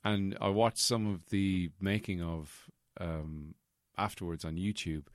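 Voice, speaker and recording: A man's voice: deep voice, steady tone, measured pace, no room sound, clean studio sound. A man, co-hosting a film podcast in a rambling way, trailing off into fillers. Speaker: podcast co-host. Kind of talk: casual film discussion.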